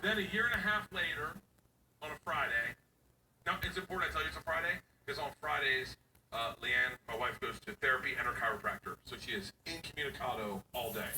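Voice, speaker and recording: A man doing stand-up storytelling, animated and profane, jumping into high yelling bursts. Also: brisk. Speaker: stand-up comedian. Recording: roomy, distant, noisy room recording.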